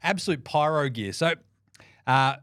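A man's voice: a little high, measured pace, a bit bright, no room sound. A young Australian man hosting a sports podcast, ranting in a profane, mocking way on a close mic. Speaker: podcast host. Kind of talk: casual sports rant.

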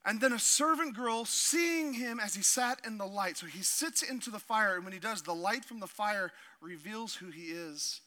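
A man with a notably high, bright, forceful voice, preaching a sermon. He reads scripture aloud and then drops into animated, humorous asides. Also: normal speed, hardly any pauses. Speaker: pastor.

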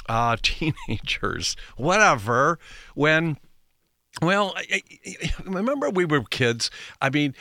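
A man's voice: mid-range voice, sharp tone, dry recording, clean studio sound. A man giving a folksy, rambling talk show monologue as host. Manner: folksy, rambling, self-correcting.

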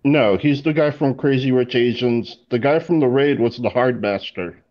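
A man's voice: medium pitch, normal speed. A man in a casual podcast chat, matter-of-fact, setting the facts straight, heard over dull remote audio.

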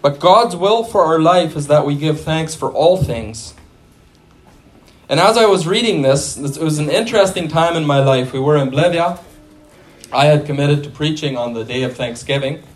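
Male preacher, slightly high voice, chatty sermon delivery with restarts. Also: moderate pace. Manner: conversational, restarts and asides to the congregation.

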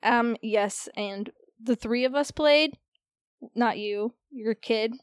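Giggly woman from indiana, bit high voice, playful podcast chat. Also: takes it slowly, smooth, no echo, clean studio sound. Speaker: podcast co-host. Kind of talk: casual chat.

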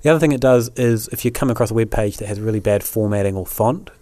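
This Kiwi podcast co-host has a lowish voice and talks quickly, meandering through easygoing chat packed with filler words. The recording is dry and close-miked.

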